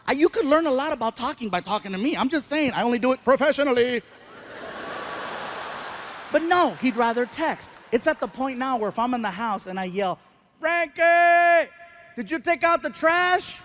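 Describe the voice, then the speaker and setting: Very high-voiced comedian on stage. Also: male voice, brisk. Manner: animated, punchy, acts out characters. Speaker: stand-up comedian. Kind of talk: stand-up comedy storytelling. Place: stage before a live audience.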